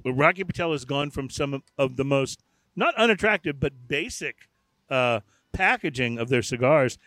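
A man's voice: medium pitch, expressive, moderate pace, sharp tone, no echo. A man co-hosting a casual podcast chat, rambling with lots of fillers. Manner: chatty, rambling with many fillers. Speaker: podcast co-host. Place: small room. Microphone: studio microphone.

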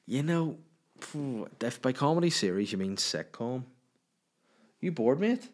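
A man's voice: mid-range voice, animated, takes it slowly. A man with a Northern Irish accent hosting a casual solo podcast from a room at home. He answers listener questions in a sweary, self-mocking, rambling way. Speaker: podcast host.

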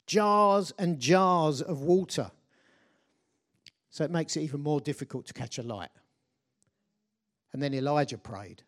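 A man with a somewhat high voice delivers a sermon in an easy, conversational way. He retells a scripture story and often turns to ask his listeners questions. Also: darkish tone. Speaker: preacher.

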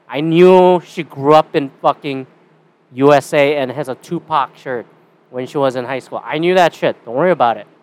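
Profane, rambling young podcast man. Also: on the high side. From Canada. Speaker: podcast host. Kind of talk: casual solo podcast rant.

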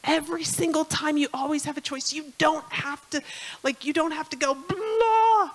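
A woman's voice: high voice, little pitch movement, fairly quick, fairly bright tone, poor audio. A woman telling a personal story in a church sermon, chatty and emotional, near tears at times. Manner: emotional, tearful at times, chatty with many fillers. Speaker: speaker at a church service. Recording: music playing behind.

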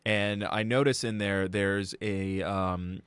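A young man co-hosting a podcast, telling a story in a crude, profane, deadpan way. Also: on the low side, takes it slowly, smooth, no echo. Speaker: podcast co-host. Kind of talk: casual storytelling.

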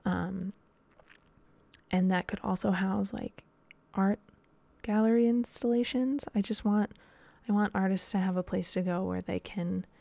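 A woman's voice: mid-range voice, gravelly, dark tone, no echo. A young woman hosting a casual solo podcast, talking in a rambling, chatty way with lots of fillers. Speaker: podcast host and dance teacher.

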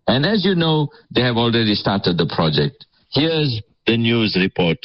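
Sarcastic radio commentator, mid-pitched man, chuckles often, slightly muffled audio. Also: sing-song, normal speed. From South Africa. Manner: sarcastic, chuckling, mock-enthusiastic.

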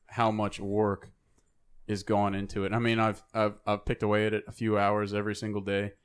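A man's voice: lowish voice, monotone, normal speed, smooth. A man co-hosting a casual podcast, rambling with repeated words, swearing and laughing often. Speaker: podcast co-host.

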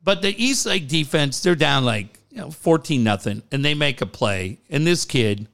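Animated, high-voiced man telling stories. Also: normal speed. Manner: animated, swears freely, laughs through stories. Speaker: podcast co-host. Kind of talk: casual storytelling chat.

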